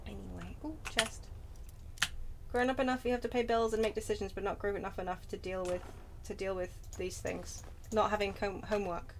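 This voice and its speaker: A woman's voice: mid-range voice, fairly even intonation, normal speed. A woman in her thirties with a British accent, chatting casually while streaming a game. She rambles from story to story with self-deprecating asides. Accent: British English. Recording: noisy home stream audio.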